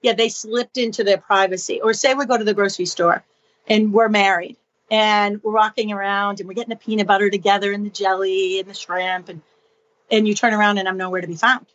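A woman talks at a middle pitch, explaining with energy and slipping into quick acted voices for the people in her stories. The recording sounds a little muffled and lo-fi. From Boston area. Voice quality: expressive, acts out dialogue in voices. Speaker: guest. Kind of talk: animated podcast explanation with acted-out anecdotes.

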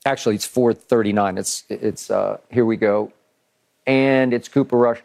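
A man's voice: lowish voice, steady tone, normal speed, gravelly, darkish tone. A man hosting a sports talk show, breaking down football plays with emphatic repetition and rhetorical questions. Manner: emphatic, repeats words at starts, rhetorical questions. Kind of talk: animated football analysis chat.

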